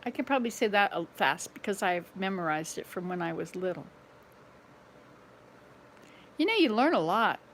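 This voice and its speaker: A woman in her sixties vlogs casually at home, wandering from room to room as she rambles and plays around, laughing at her own slip-ups. Her mid-range voice is very animated and a bit bright, and she talks fast. A little hiss or hum sits under the recording.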